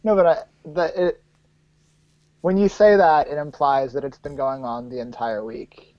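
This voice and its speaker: A man from the United States co-hosting a podcast, teasing his partner and quick to laugh in casual chat. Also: on the high side, fairly even intonation, dry recording, highs cut off. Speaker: podcast co-host.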